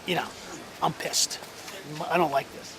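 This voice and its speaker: A man telling an animated story about his first film role in a casual interview, acting out the other people's lines. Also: unhurried. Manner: animated storyteller, acts out quotes, many restarts. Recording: crowd noise outdoors.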